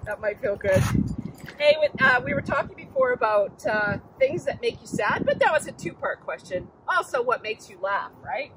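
An older woman giving a children's message at church, chatting gently and asking the children questions. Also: fairly high pitch, huge pitch swings, moderate pace, noisy background. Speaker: church children's time speaker.

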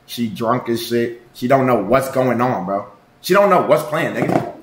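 A man's voice: mid-range voice, expressive, moderate pace, noisy background. Roomy, rambling, profane male streamer. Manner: loud, profane, joking, rambling. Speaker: livestreamer. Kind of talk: casual livestream chat. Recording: roomy echo.

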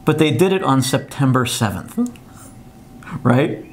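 A man's voice: mid-range voice, sing-song, slow pace. A man hosting a casual live-stream chat, talking animatedly and reading posts aloud with laughs. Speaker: host.

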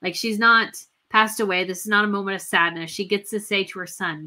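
Bright-voiced gushing woman livestream host. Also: mid-range voice, steady tone, fairly quick, hardly any pauses. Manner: gushing, chatty, many fillers and restarts. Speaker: royal news livestream host. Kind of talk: casual livestream commentary.

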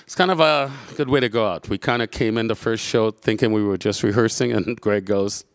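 A man introducing his poems on a stage mic. He talks in a relaxed, hesitant, low-key way. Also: a little fast, dry recording, clean studio sound. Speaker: spoken-word poet. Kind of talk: casual intro before a performance.

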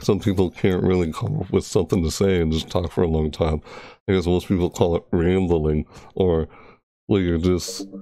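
A man's voice: low-pitched, gravelly, mellow, no echo. A young man chatting on a live stream into a close microphone, talkative and rambling, repeating himself as he goes. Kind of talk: casual rambling stream chat. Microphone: close desk microphone.

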